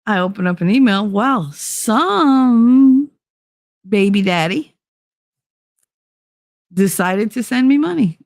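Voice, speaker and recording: A woman with a mid-range voice hosts her own stream, casually telling a story at a slow pace with long pauses. She's animated, swears freely, and acts out what people said. The sound is clean studio quality with no room sound.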